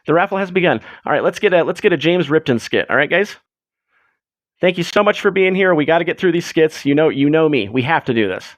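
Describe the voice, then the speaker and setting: A man hosts a casual livestream, chatting to viewers in a rambling, filler-heavy way. His voice sits fairly high for a man, and the close desk mic sounds dry and dead. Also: animated, fast, no echo. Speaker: livestream host.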